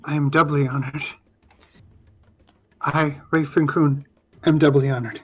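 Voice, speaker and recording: A man's voice: a little high, fairly even intonation, measured pace, breathy edge, lo-fi sound. A man playing his character in a tabletop game, earnest and a little hesitant. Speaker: player.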